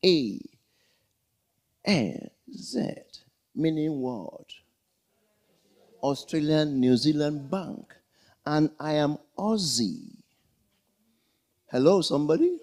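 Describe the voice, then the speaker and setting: Male pastor, high voice, unhurried delivery; sermon with call-and-response and acted-out dialogue. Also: lively intonation, a little mellow. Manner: call-and-response questions to the congregation; acts out comic dialogues. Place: church.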